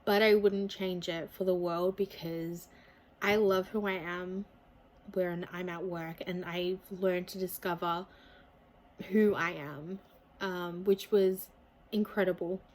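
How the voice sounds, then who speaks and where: A woman's voice: lowish voice, steady tone, slow, low-quality recording. A young adult woman speaking candidly and openly to camera in a personal confessional vlog. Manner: candid, open, speaks from feeling. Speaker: vlogger.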